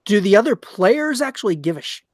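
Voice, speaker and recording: A man's voice: high-pitched, sing-song, brisk, dry recording, studio quality. A man co-hosting a casual sports podcast, laid-back and quizzical. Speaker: podcast co-host.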